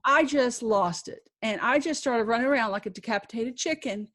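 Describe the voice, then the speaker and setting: A woman, a podcast guest, recounting a personal story in an emotional, halting way with many restarts and a faith-filled tone. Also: fairly high pitch, fairly bright tone.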